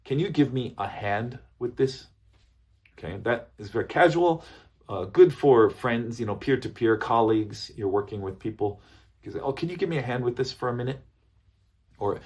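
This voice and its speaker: Speaking at a moderate pace in a medium-pitched voice with a breathy edge, a man teaches business English. Animated, he repeats example phrases and regularly checks understanding with "okay?" and "right?".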